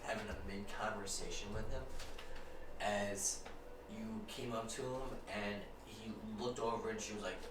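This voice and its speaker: A man running a tabletop game as game master, narrating with excitement, laughing often and swearing casually. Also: on the low side, normal speed. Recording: echoey room, distant mic, noisy.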